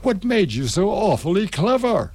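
Guy doing a pushy young lad, high questions, dry close sound. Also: big pitch swings, moderate pace, darkish tone, breathy edge, no room sound, heavily acted. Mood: cheeky. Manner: raised, questioning. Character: cheeky young man questioning his father.

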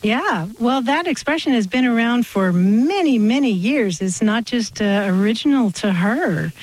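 A woman's voice: fairly high pitch, expressive, a little slow, dry recording, poor audio. A woman co-hosting a radio call-in show, chatting and explaining where words come from. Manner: chatty and explanatory, with light laughs. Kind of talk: radio call-in chat, explaining word origins.

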